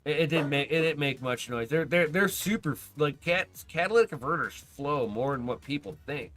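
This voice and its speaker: A man hosting a podcast in casual chat, telling stories excitedly, swearing a lot and laughing often. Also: on the high side, fairly quick, faint music behind. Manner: profane, excitable storyteller who laughs often. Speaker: podcast host.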